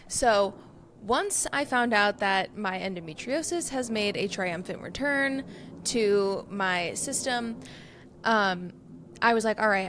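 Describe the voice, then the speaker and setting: A young woman co-hosting a casual chat podcast, telling a story with lively acted-out quotes. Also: slight background noise. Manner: animated storyteller, acts out quoted people with pitch jumps. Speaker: podcast co-host.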